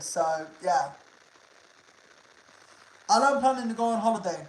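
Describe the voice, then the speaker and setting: A man's voice: high voice, unhurried, long pauses. Laid-back guy chatting on stream. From United Kingdom. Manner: laid-back, swears freely, repeats himself. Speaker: livestreamer. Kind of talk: casual livestream chat with viewers. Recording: roomy echo.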